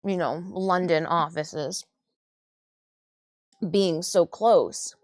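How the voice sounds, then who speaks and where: A woman's voice: lowish voice, drawn-out words, dry recording, clean studio sound. A woman hosting a casual live stream, rambling and chatty as she sorts craft supplies, with self-mocking asides. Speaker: livestream host.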